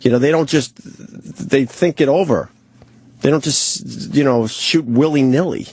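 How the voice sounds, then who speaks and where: A man's voice: mid-range voice, a little slow, darkish tone, slightly rough, no echo. A man hosting a talk radio show, chatting casually, swearing freely and reading news items aloud with his own comments.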